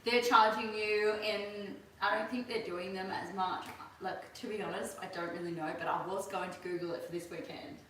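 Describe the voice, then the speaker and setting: Heard off-mic in an echoey room with slight background noise, a livestream host chats casually, reading out viewer questions and laughing often. She's a young Australian woman in her twenties with a medium pitch, fairly even intonation, normal speed and a slightly bright tone.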